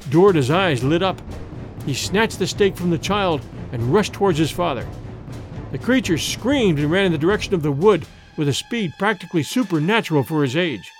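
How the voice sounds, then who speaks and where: A man narrating a first-person story in a dramatic, expressive way. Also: fairly high pitch, normal speed. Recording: dry close recording with faint music.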